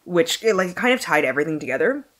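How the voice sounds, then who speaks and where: A woman's voice: on the low side, sing-song, fast, a bit bright. A woman chatting casually about books for a vlog at home, scattered and jumping between thoughts, swearing freely and laughing often. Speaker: book vlogger. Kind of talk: casual book wrap-up chat.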